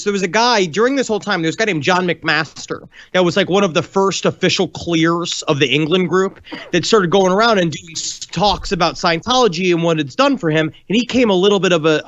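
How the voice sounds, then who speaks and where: A man's voice: high voice, a bit bright, no echo, muffled recording. A man co-hosting a podcast, rambling in casual banter with jokey asides. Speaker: podcast co-host.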